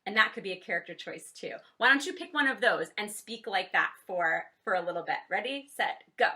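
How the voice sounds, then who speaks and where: A woman teaching a children's drama lesson online, cueing exercises with "ready, set, go" and demonstrating high, low and silly voices. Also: animated, brisk, bright, forceful tone.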